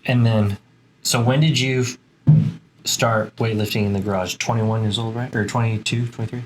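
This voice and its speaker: A woman's voice: a bass voice, steady tone, normal speed, faint music behind. A woman hosting an interview, prompting her guest with short affirmations and questions. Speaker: host. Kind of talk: conversational interview.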